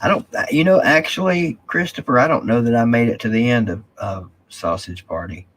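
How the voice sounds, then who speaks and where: A man's voice: mid-range voice, normal speed, a bit bright. A man hosting a casual live stream, rambling and reading viewer comments aloud.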